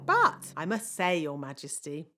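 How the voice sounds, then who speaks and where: An actress voicing a bossy, scatterbrained fairy nanny in a cartoon, prim and brisk. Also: female voice, a little high. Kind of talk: cartoon voice acting.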